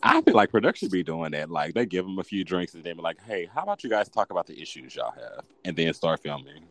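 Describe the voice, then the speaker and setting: A man in relaxed banter with a friend, his fairly low voice leaping wildly in pitch as he teases and jokes. The sound is close and dry, with no room around it. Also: fast, dry recording. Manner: playful, animated, swoops high when teasing. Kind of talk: casual chat, guessing game.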